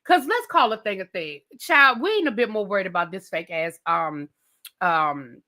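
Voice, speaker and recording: Sassy, bright-voiced woman ranting about TV. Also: mid-range voice, normal speed. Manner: animated, blunt and sassy, swears freely. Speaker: TV show reviewer. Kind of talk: casual ranting commentary.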